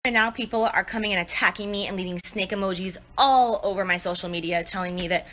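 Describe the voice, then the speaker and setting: A woman's voice: medium pitch, fast talker, a bit bright, rough recording. A woman giving a rambling, apologetic account of her mistake. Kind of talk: apology video.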